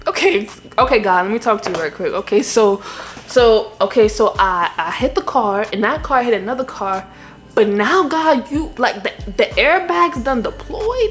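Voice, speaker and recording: Young woman vlogger. Fairly high voice, animated and exasperated storyteller, faint music underneath. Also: a little slow. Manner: animated, exasperated storytelling, often addressing viewers as y'all. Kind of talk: storytime vlog.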